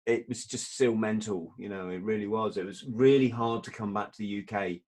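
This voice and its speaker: A man's voice: lowish voice, steady tone, brisk, a little mellow. Easygoing podcast host, man. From southeast London, England. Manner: easygoing, prompting questions. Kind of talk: casual podcast interview.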